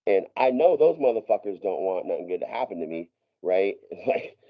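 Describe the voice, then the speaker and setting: A man's voice: deep voice, animated, brisk, lo-fi sound. A man telling a long story as a podcast guest, profane and rambling, with many restarts and laughs. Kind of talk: casual storytelling.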